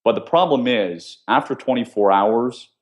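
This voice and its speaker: A former CIA officer, appearing as a guest in a conversational interview, teaches escape and survival skills step by step with examples. He speaks steadily and instructively, at medium pitch and normal speed.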